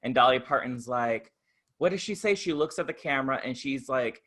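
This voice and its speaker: A man co-hosting a podcast in casual chat, gushing and animated, breaking into laughter. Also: medium pitch, normal speed. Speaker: podcast co-host.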